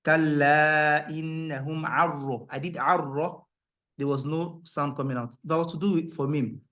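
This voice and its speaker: A man teaching Quran recitation rules, explaining in a questioning style and breaking into a higher, louder chant for the verses. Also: fast. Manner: asks the class rhetorical "what?" questions. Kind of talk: tajweed lesson, explaining and reciting.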